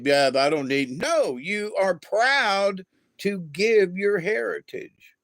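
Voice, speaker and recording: A man giving an opinionated monologue, talking slowly and deliberately and acting out quoted dialogue. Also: a little high, no echo, clean studio sound. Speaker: video host.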